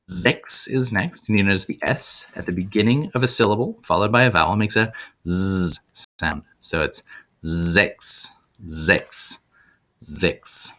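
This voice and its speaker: A man teaching a beginner German lesson, saying each number slowly and repeating it. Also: lowish voice. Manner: slow, deliberate word repetitions. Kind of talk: language lesson video.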